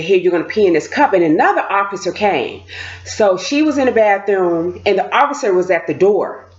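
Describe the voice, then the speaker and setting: Animated woman telling a personal story. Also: mid-range voice. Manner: animated, expressive, acts out voices. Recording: dull lo-fi recording.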